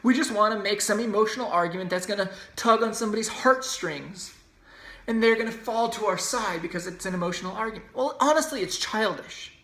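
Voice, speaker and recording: Here a podcast host argues emphatically on his own, in an insistent, ranting style. His voice sits high and comes across brisk, bright and forceful, with a roomy echo around it.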